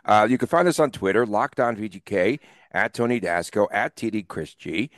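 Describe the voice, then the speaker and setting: A man hosting a sports podcast in casual, upbeat chat, talking in quick runs with some fillers. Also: on the low side, animated, no room sound, studio quality. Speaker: podcast host.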